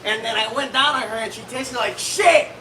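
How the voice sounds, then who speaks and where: A man performs stand-up at a comedy club open mic. His voice sits high, and he hammers his crude one-liners home by shouting them. The mic catches him from far off in an echoey room with faint background noise. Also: moderate pace. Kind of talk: stand-up set.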